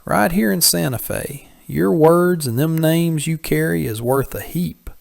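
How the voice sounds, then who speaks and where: A man voicing a crafty, smooth-talking middle-aged merchant in an audiobook, polite and persuasive. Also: fairly high pitch, unhurried, a little mellow, no echo, clean studio sound, pitched above the performer's own voice. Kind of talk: audiobook character voice.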